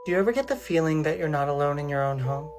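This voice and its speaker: A woman reading an online horror post aloud in a calm, measured way. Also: deep voice, slight background noise. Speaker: storyteller.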